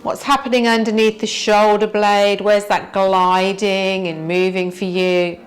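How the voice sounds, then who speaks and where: A woman teacher guiding a yoga warm-up, gently asking the listener what they feel in the body. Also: medium pitch, little pitch movement, soft background music. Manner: slow, gentle, inviting questions to the listener. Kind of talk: guided yoga class instruction.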